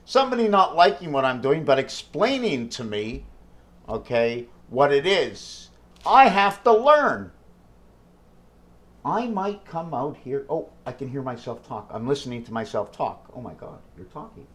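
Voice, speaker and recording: A man talking straight to the camera in a loose, rambling vlog. He thinks aloud and jumps from number games to wordplay, full of fillers and questions to himself. His pitch sits in an ordinary middle range. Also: very animated, unhurried. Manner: free-associating, jumps between numbers and wordplay. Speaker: vlogger. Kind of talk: rambling solo vlog monologue.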